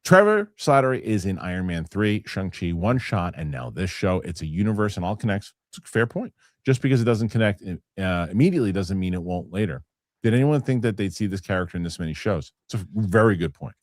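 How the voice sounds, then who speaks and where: Animated rambling male host, low voice. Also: a little fast, no echo, studio quality. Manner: rambling, animated, swears casually. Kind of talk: casual live-show chat reading viewer comments.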